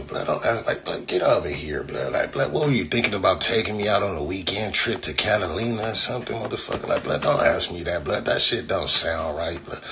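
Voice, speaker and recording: A man's voice: low-pitched, sharp tone, slight background noise. A man hosting his own vlog, ranting in a profane, mocking way and laughing often. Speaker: vlog host. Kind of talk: casual comedic rant.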